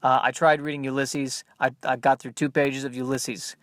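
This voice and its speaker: A man's voice: medium pitch, little pitch movement, normal speed, fairly bright tone, dry recording. Rambling, self-deprecating man. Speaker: podcast host. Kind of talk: stream-of-consciousness solo monologue.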